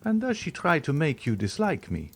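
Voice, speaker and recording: A man reading the part of a mysterious, reserved count who speaks in a measured, sighing way. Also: on the high side, wildly swooping pitch, pitched above the performer's own voice, exaggerated voice.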